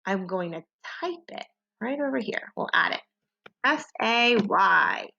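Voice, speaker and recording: Woman, primary teacher reading slowly to small kids, bright animated delivery, dull lo-fi home recording. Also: fairly high pitch. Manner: slow, clear, exaggerated sentence modeling for young kids. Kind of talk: children's phonics lesson.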